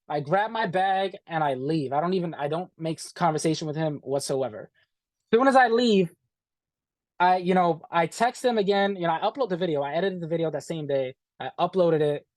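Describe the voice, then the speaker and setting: A man telling a story as an interview guest, animated and profane, acting out what people said and calling the listener "bro". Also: high-pitched, no echo. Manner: animated, profane, acts out quoted dialogue, says "bro". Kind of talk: casual storytelling.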